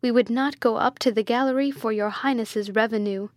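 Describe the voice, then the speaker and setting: A woman's voice: a little high, a little fast, no echo, natural voice. Frightened castle servants plead with their lord, as a woman reads them aloud. Dry, close sound. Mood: fearful. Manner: pleading, fearful.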